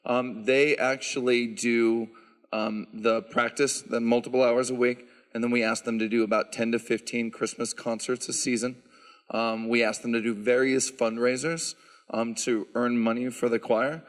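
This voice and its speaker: A man who directs a handbell choir, answering audience questions at a concert and explaining the instruments in a relaxed, chatty way with frequent "um"s. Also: mid-range voice, moderate pace. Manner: explanatory, relaxed, lots of "um" fillers. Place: church sanctuary. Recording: reverberant church hall.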